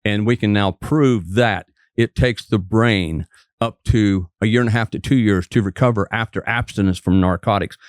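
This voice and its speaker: In a casual storytelling interview, a West Virginian ex-trooper who became a doctor shares folksy tales and performs the quotes. His older voice is low and smooth at a moderate pace, captured in studio quality with no echo.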